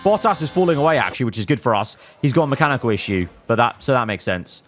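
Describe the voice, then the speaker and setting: A man giving excitable live commentary over a racing management game, swinging from low muttering to loud outbursts. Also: fast, slight background noise. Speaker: gaming YouTuber.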